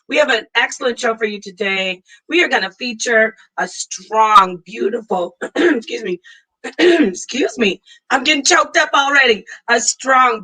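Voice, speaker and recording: A woman's voice: fairly high pitch, poor audio. A woman from Phoenix, Arizona hosting a casual online talk stream over a video call, playful and laughing. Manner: playful, laughing, warm greetings. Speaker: host.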